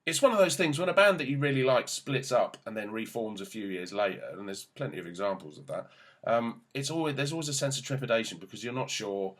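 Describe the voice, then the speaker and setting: A man's voice: mid-range voice, lively intonation, fast. A man hosting a casual album review, rambling, enthusiastic and sweary. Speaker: music journalist host.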